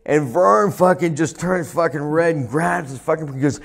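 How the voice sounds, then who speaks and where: A retired wrestler telling profane, laughing stories in a sit-down interview, recorded on a lapel mic indoors. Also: male voice, on the high side, moderate pace, gravelly, hardly any pauses. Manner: profane, laughing, animated anecdotes. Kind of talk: storytelling shoot interview.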